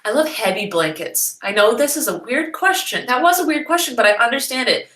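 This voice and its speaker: A woman's voice: on the high side, lively intonation, fairly quick, a bit bright. A young woman vlogger chatting casually and playfully as she answers viewers' questions. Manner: chatty and playful, jokey asides. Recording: echoey room.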